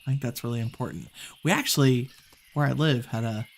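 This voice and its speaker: A man chatting in a relaxed, rambling way while streaming a game, laughing easily. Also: mid-range voice, a little fast, gravelly, a little hiss or hum, low-quality recording. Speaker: gaming streamer. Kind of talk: relaxed gameplay chat.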